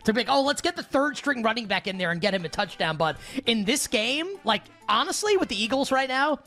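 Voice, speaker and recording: A man's voice: very high voice, lively intonation, fairly quick, hardly any pauses, sharp tone, soft background music. A man co-hosting a sports betting podcast, chatting casually with frequent stammered restarts and laughs. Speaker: podcast co-host.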